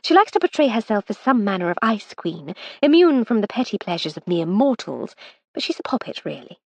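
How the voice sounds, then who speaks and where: A woman voicing a breezy, wry aristocratic Edwardian lady in an audiobook, quick to laugh. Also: medium pitch, big pitch swings, no room sound, voice pushed up.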